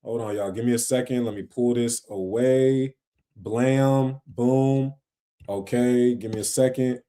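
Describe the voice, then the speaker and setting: A man hosting a livestream, reacting to videos in slangy, animated casual talk that slides into rants. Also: medium pitch, a little slow.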